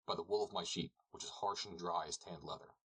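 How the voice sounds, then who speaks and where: A man's voice: low voice, steady tone, a little fast, sharp tone, breathy edge, full character voice. A man playing a blunt, weather-wise shepherd. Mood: dry.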